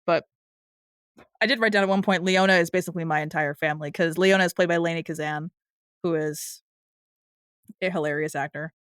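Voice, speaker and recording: A woman co-hosting a podcast in casual chat, talking over film lines and now and then quoting them in a higher voice. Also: fairly even intonation, brisk, long pauses, no echo, studio quality. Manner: chatty, quotes film lines in bursts of higher pitch. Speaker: podcast co-host.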